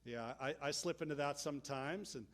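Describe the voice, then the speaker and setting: A man delivers a sermon in a casual, conversational way, often acting out the people in his stories. His voice sits fairly high for a man. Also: normal speed. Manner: conversational, animated storytelling with acted-out quotes. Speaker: pastor.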